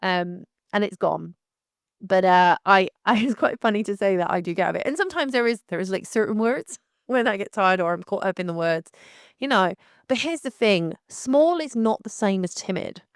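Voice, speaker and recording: Frank, animated English woman podcaster. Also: mid-range voice, normal speed, clean tone, no room sound, clean studio sound. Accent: light West Country English. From Devon and Somerset, England. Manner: frank, animated, calls listener darling. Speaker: podcast host. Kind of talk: casual solo podcast talk.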